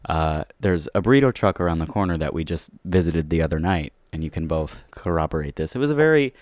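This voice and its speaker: A man's voice: deep voice, expressive, fast, a little mellow, no echo. A man co-hosting a podcast, chatting casually with dry, wry remarks. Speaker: podcast co-host. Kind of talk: casual chat.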